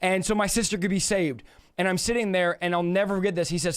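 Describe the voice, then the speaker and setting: A man with a notably high speaking voice tells his faith testimony as a story. He is animated and slips into the voices of the people he quotes. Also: quick pace, clean tone. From California. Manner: animated, acts out quoted dialogue. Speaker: guest sharing a testimony.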